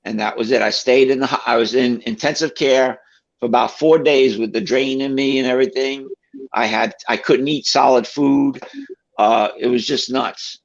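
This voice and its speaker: This man tells his own story casually and with energy, performing the voices of everyone he quotes. His voice is medium in pitch, moderately paced and has vocal fry, while the audio is flat and lo-fi.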